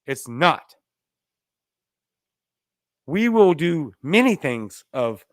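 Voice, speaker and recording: Taking it slowly with long pauses, a Louisiana podcast host delivers a sing-song, sarcastic rant in an opinionated commentary monologue. He's emphatic, and his pitch rises through the rant. It's a dry studio recording.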